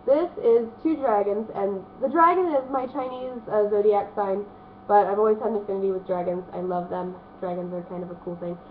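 A woman's voice: mid-range voice, fairly even intonation, fairly quick. A woman in her thirties talks about her new books in a rambling, chatty way, full of fillers. She sounds congested, as if she has a stuffy nose. The audio is thin and phone-like, with a faint hiss behind her. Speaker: vlogger showing a book haul. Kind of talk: casual chat.

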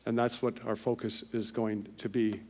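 A middle-aged man preaching a sermon in a church, telling a personal story with lively, animated delivery and voicing the people in it. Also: lowish voice, normal speed. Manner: animated storyteller, voices others in the tale. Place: church sanctuary.

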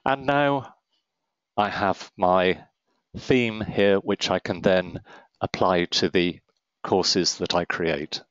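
Man, deep low voice, calm step-by-step software walkthrough, dry muffled voice-over. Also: slow, no echo. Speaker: software tutorial narrator. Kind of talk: screen-recorded software walkthrough. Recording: dry, slightly dull close-mic voice-over.

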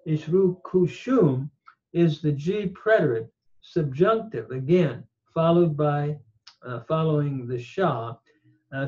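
Slow, deliberate male lecturer, muffled audio. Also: on the high side, a little mellow. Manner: measured, pausing, frequent "uh" fillers. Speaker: teacher of ancient languages. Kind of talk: slow lecture with recited quotations. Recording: dull lo-fi audio.

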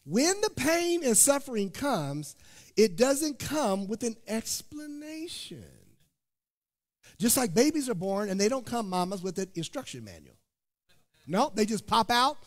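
A pastor from Indiana preaching a sermon, joking and calling out to his congregation in an animated way. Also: very high-pitched, measured pace. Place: church sanctuary. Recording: long church hall reverb.

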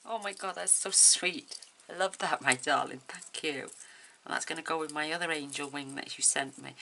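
A woman's voice: deep voice, moderate pace, gravelly, pushed and bright. A woman vlogger chatting to camera as she opens craft gifts, gushing and emotional, tearful at times. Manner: gushing and emotional, exclaiming over each item. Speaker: crafting vlogger opening happy mail. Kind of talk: casual chat to camera.

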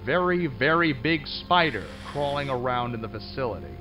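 A man voicing a reassuring pre-recorded announcement over a facility loudspeaker in a game. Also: medium pitch, lively intonation, normal speed, over music, lightly acted. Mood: soothing. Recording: dull lo-fi loudspeaker.

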